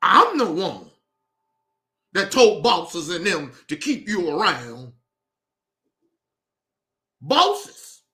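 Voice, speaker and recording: A man with a very high, bright voice rants through a reaction stream, swinging his pitch widely as he talks in disbelief and swears freely. He speaks slowly and lets the outrage sink in. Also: sing-song. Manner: incredulous, profane ranting. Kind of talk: reaction commentary.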